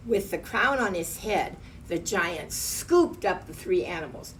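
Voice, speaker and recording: A woman reading a picture book aloud, gently pointing out the pictures as she goes. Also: lowish voice, lively intonation, unhurried. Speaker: storyteller. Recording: distant mic, faint room hum.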